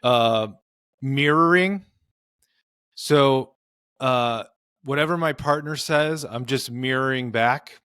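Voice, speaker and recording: Man, therapist guest, earnest explaining, smooth resonant voice, dry recording. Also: medium pitch, takes it slowly, pauses often, bright, forceful tone, no echo. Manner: earnest, explanatory, many "you know" fillers. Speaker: marriage and family therapist guest. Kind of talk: conversational interview advice.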